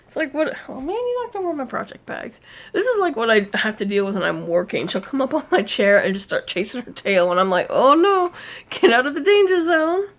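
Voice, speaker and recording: A woman chatting casually in a crafting vlog, easily distracted and laughing often, scolding her cat now and then in a higher voice. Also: sing-song, a little fast. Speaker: cross-stitch vlogger.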